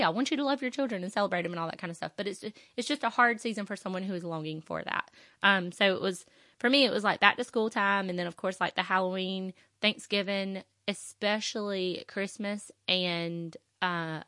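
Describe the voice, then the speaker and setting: A woman's voice: mid-range voice, brisk, bright, forceful tone, no room sound, studio quality. A woman, talking on her faith podcast in an emotional, rambling way with many fillers. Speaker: podcast host. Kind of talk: personal faith podcast talk.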